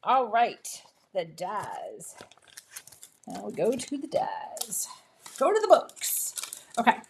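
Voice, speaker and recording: A woman's voice: fairly high pitch, wildly swooping pitch, slow pace, a little hiss or hum. A woman hosting a live papercraft demonstration from her home craft room, chatty and upbeat, laughing often and cheering herself on. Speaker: papercraft host.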